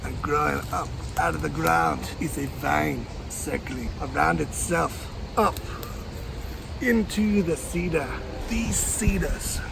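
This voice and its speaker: A man hosting a mock nature documentary outdoors on a wooded bluff, delivering silly facts in a mock-serious, deadpan way. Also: fairly high pitch, slow, gravelly, noisy background. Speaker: comedic science-teacher host.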